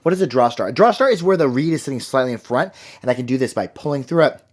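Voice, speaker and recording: A man's voice: medium pitch, animated, fast. A man hosting a casual live stream, chatting, explaining his instruments and reading out viewer comments. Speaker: host.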